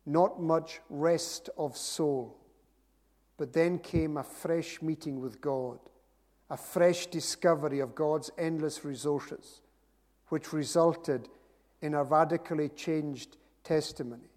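A man's voice: on the high side, takes it slowly, a little mellow. A man preaching a sermon, earnest and rising to emphatic repeated phrases. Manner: earnest, builds to emphatic repetition. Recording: long hall reverb.

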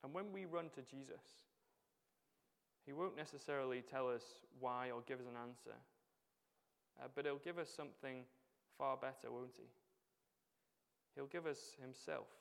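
A man's voice: medium pitch, moderate pace, gravelly, long pauses, fairly bright tone, clean tone. A man preaching a sermon in a church, talking conversationally and asking his listeners rhetorical questions. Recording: long hall reverb.

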